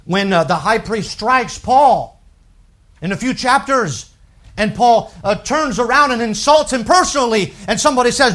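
High-voiced preacher swinging between loud and low. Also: male voice, animated, moderate pace. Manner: reads scripture in a rising, emphatic voice; drops low and quiet to explain points. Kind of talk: sermon.

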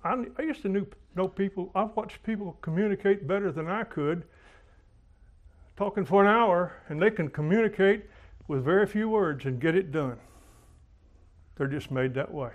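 A man's voice: sits high, moderate pace, highs cut off. A man preaching a sermon, telling folksy stories and swinging his volume for drama. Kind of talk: sermon with anecdotes.

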